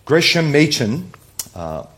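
A male pastor preaching a sermon, stacking up rhetorical questions and speaking straight to his listeners, rising to loud emphatic peaks and then dropping to quiet, low endings. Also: big pitch swings, takes it slowly. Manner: addresses listeners directly as "people".

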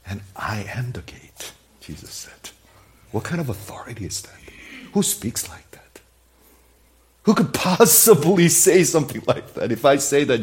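A man preaching a sermon in a church, talking straight to the congregation and swinging from loud emphasis to hushed, near-whispered asides. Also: medium pitch. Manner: conversational, speaks straight to the congregation with questions. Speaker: pastor.

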